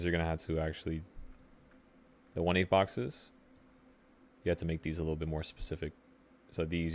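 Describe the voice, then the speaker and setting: A man's voice: low-pitched, a little mellow. A young man casually talking through stock charts on a screen share, thinking aloud and laughing at his own slips. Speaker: trading channel host.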